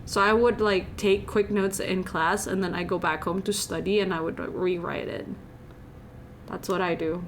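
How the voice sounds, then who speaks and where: A woman's voice: fairly low pitch, fairly even intonation, normal speed, slight background noise. A young woman from Indonesia, chatting playfully and giggling as she reads and answers her viewers' messages on a live stream.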